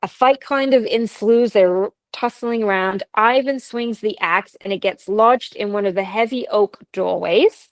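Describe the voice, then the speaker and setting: A woman's voice: mid-range voice, a little slow, hardly any pauses, no echo, poor audio. A Canadian woman co-hosting a podcast, telling ghost stories in a casual, chatty way with laughs and asides. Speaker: podcast co-host. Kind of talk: casual chat, storytelling.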